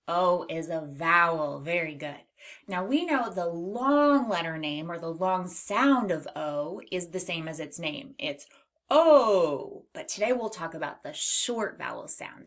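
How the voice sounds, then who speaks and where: Woman, phonics teacher, young learners, lowish voice, animated pitch, stretched-out sounds. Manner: slow, exaggerated sound modeling. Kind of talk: children's phonics lesson.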